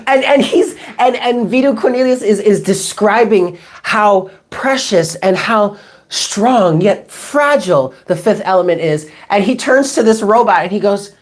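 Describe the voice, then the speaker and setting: A woman's voice: medium pitch, lively intonation, a little slow. A woman in her thirties, a tarot reader, rambling casually on a live stream, swearing freely and answering chat comments. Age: 30s.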